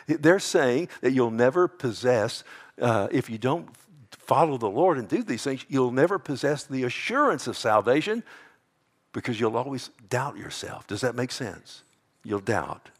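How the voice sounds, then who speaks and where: Man in the pulpit, emphatic sermon, mid-pitched voice, swings soft to loud. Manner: emphatic preaching, calls out to the congregation, swings between soft and loud. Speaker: pastor.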